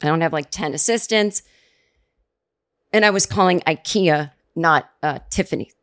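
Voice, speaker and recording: A woman's voice: sits low, normal speed. A middle-aged woman hosting a comedy podcast, delivering a sarcastic, profane comedic rant. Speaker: podcast host. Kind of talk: comedic monologue.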